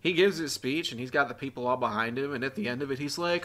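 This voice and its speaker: A woman's voice: very deep voice, fast, a bit bright. A woman co-hosting a casual recap podcast, wry and sarcastic, swearing freely. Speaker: podcast co-host.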